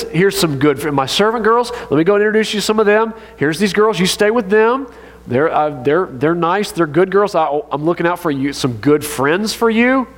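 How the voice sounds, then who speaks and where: Pastor, male, higher-pitched voice, lively joking sermon delivery, long hall reverb. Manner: animated, joking, conversational.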